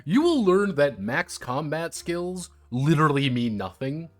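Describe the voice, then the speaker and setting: A man's voice: a little high, very animated, measured pace, soft background music. A man streaming live, rambling and joking and swearing freely as he walks through a tabletop game book. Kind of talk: casual live-stream chat.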